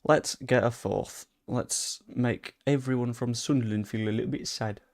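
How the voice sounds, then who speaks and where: A man putting on a rough northeast English accent, teasing and slow. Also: mid-range voice, a little mellow, natural voice.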